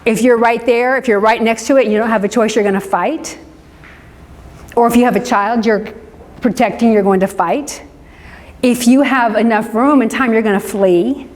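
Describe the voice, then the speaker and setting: A woman's voice: fairly high pitch, steady tone, moderate pace, a little mellow. Woman lecturing a room. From American Midwest. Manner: conversational, asks the room "right?" often. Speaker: speaker on forgiveness, counselor. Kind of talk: interactive lecture to a live group. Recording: long reverb of a hall.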